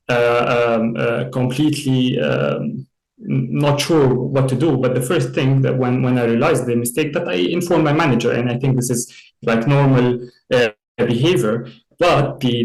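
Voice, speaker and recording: A man on a work panel sharing a story in a halting way, searching for words. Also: medium pitch, a little mellow. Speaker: panel guest. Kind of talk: panel discussion. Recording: roomy echo.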